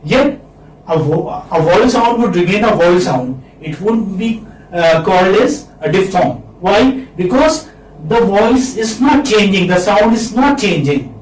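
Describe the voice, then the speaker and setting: A man with an Indian accent gives a classroom lecture in a high voice, speaking slowly and repeating words aloud for his students. He keeps checking with a quick "hmm?". The recording is roomy and distant, with faint hiss underneath. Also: lively intonation. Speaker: English literature lecturer. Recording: echoey room, distant mic, faint hiss.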